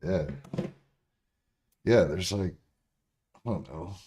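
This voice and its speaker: Deep-voiced man, profane and blunt. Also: slow. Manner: laughs often, gets louder when riled up. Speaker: bodybuilder streamer answering chat. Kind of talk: casual livestream chat.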